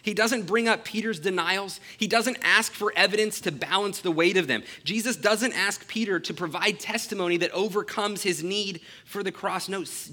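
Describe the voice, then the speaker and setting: A man preaching a sermon, reading scripture aloud and then explaining it in an earnest, emphatic way that slows down on key phrases. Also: high voice, sharp tone.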